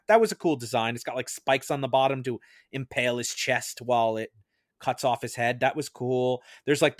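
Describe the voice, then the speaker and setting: A man's voice: mid-range voice, dry recording, clean studio sound. A man on a podcast jury giving his verdict on a film in a chatty way, with lots of fillers. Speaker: podcast juror. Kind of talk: casual film discussion.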